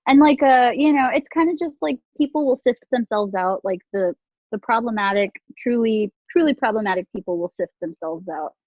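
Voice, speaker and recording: A woman's voice: fairly high pitch, normal speed, dry recording. Podcast co-host, woman, casual and chatty with many fillers, dry and slightly muffled remote-call sound. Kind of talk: casual chat. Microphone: video call. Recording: dull lo-fi remote call audio.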